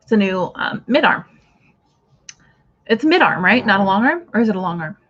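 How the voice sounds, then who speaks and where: A woman's voice: mid-range voice, expressive, normal speed, fairly bright tone, slightly rough, highs cut off. A woman hosting a casual craft livestream, chatting with viewers and reading out their comments as she goes. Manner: chatty, reads out viewer comments, trails off and restarts.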